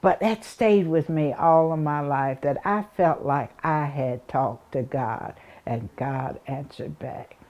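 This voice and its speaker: A woman's voice: low voice, takes it slowly, hardly any pauses, a little mellow, highs cut off. An older woman from East Tennessee with an Appalachian accent, rambling through childhood memories, chuckling and acting out the people in her stories. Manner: rambling, chuckling, acts out the people she recalls. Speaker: oral history interviewee. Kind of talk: reminiscing storytelling.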